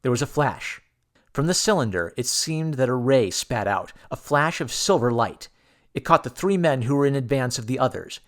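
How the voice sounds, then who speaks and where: A man reads a pulp adventure audiobook in the first person. His delivery is measured and dramatic, set at an ordinary middle pitch. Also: expressive, a bit bright. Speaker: audiobook narrator. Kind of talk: scripted first-person narration.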